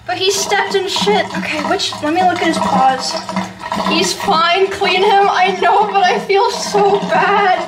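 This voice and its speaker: A woman vlogging her day at home in casual chat, cooing at and scolding puppies in a playful, excitable way. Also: very high voice, measured pace, low-quality recording.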